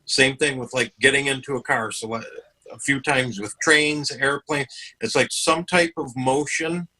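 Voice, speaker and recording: A man's voice: medium pitch, fairly even intonation, moderate pace, bright, forceful tone, rough recording. A man hosting an interview, explaining things in a chatty way and often repeating himself. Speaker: host. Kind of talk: conversational interview.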